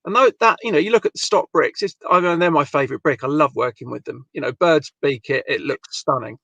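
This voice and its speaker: A man hosts a live online talk show with a voice pitched a little high. The sound is dry and close to the mic. He chats easily, puts questions to his guests and reads out viewer comments. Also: fairly quick, vocal fry, a bit bright, no echo, highs cut off. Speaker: host. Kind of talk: live-stream chat with guests.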